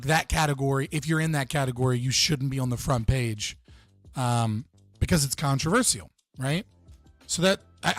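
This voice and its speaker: Young male streamer chatting loosely to viewers, a bit high-pitched, dry mic, light music underneath. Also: no room sound. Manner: casual, profane, chatting with his viewers. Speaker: livestream host. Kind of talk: casual livestream chat.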